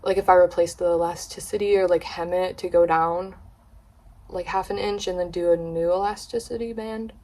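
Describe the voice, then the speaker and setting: A woman's voice: on the low side, steady tone, moderate pace, mellow. A young woman vlogger chatting casually, retelling a story with slang and gossipy asides.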